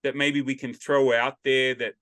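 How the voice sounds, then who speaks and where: An Australian man hosts a relaxed interview, joking and wandering off on tangents. His voice sits in the middle of the usual male range. It sounds dry, with little room around it, as if he is talking over a video call. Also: mid-range voice, normal speed, dry recording. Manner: rambling, joking, goes off on tangents. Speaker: podcast host. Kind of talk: casual interview chat. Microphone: video call headset.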